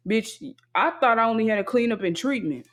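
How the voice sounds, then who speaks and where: A young adult talking alone into a single mic, venting in a blunt, heavily profane rant. The delivery keeps circling back to emphatic, repeated refusals. Voice sits at a middling pitch. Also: expressive, brisk, a bit bright. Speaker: podcast host venting. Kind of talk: casual solo venting monologue.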